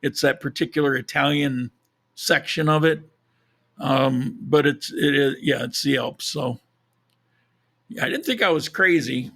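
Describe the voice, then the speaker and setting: A man hosting a live podcast, chatting casually with a hoarse, froggy voice, rambling and correcting himself as he goes. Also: medium pitch, unhurried, a bit bright. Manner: rambling, self-correcting, chuckles at own jokes. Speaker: podcast host. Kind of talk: casual live-stream chat.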